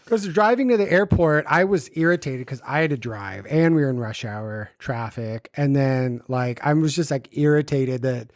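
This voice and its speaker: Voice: medium pitch, normal speed, hardly any pauses, no room sound, clean studio sound. A podcast co-host venting bluntly in casual chat, with plenty of swearing.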